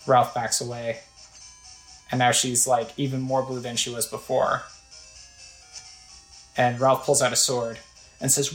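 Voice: medium pitch, level tone, a little slow, gravelly, long pauses. A game player casually narrating gameplay in a rambling, conversational way. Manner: rambling, conversational, filler-heavy. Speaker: let's play narrator. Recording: echoey room with faint music.

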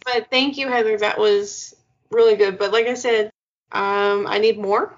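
A woman's voice: medium pitch, fairly even intonation, a little slow. A woman co-hosting a podcast in casual chat, playful and laughing often as she reacts to listener stories. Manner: playful, laughs often, repeats pleas for more. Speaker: podcast co-host. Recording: dull lo-fi sound.

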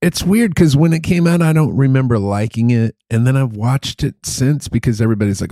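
A man's voice: mid-range voice, brisk, hardly any pauses, mellow, no room sound, studio quality. A man co-hosting a casual chat, rambling loosely and laughing at his own bits.

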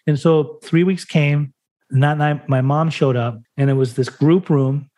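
Higher-voiced American man telling a raw story. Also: fairly even intonation, measured pace, dark tone. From United States (Salt Lake City). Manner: emotional, blunt, swears freely, acts out dialogue. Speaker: podcast guest. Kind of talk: candid personal storytelling in conversation.

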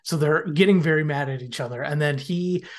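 A man on a podcast, retelling the plot in a casual, animated way and often slipping into characters' lines. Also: a little high, brisk. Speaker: podcast guest. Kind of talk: casual podcast episode recap.

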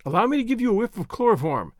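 Man reading storybook lady doctor, calm, capable, soothing, measured, slightly high, lively delivery. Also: dry recording, studio quality.

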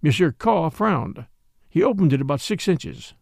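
A man reading a mystery novel aloud in an expressive, animated style of scripted narration. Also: a little high, a little slow, creaky, dry recording, clean studio sound. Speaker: audiobook narrator.

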